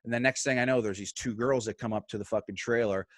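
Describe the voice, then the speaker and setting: With a quick pace and mid-range voice, a man guesting on a casual podcast narrates a story animatedly, swearing freely and performing the lines of the people involved. The sound is clean studio audio with no echo.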